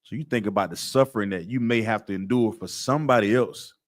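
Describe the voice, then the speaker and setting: A man's voice: lowish voice, quick pace. A middle-aged man leads a scripture class. He lectures in a preaching style, emphatic and streetwise, and repeats his points for weight.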